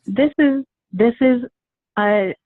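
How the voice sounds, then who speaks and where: A woman's voice: fairly high pitch, takes it slowly, no room sound. A woman guest telling a personal story in casual chat, rambling and acting out the dialogue she quotes. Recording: tinny phone-like dry sound.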